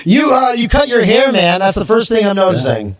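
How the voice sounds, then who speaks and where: A man's voice: high voice, sing-song, brisk. A man from Florida hosting a podcast, brash and irreverent, rambling in casual crude chat. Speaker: podcast host.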